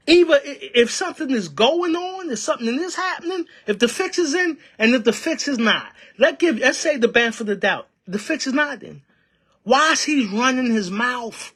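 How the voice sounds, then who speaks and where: A man's voice: very high-pitched, expressive, normal speed, bright, forceful tone, husky. A man giving fiery, preacher-like union commentary packed with rhetorical questions. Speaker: union member and activist. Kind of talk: impassioned political commentary.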